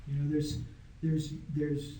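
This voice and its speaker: A man's voice: a little high, monotone, takes it slowly, dark tone, slight background noise. A man teaching a small Greek class in a casual, patient way, often checking that his students follow. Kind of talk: informal classroom lesson. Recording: echoey room.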